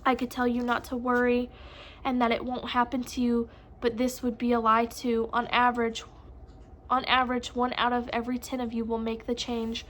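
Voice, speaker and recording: A woman voicing a vampire high priestess who addresses a class in a tense, commanding, solemn way. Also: fairly bright tone, slight background noise, close to an everyday voice.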